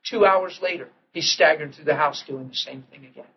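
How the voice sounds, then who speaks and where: A middle-aged man preaches a sermon in a fairly high voice, telling a story and acting out the quotes in it. He often drops to a near whisper. The old recording is muffled, with a faint hiss behind it. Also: fairly quick. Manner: storytelling, acts out quotes with sudden hushed drops.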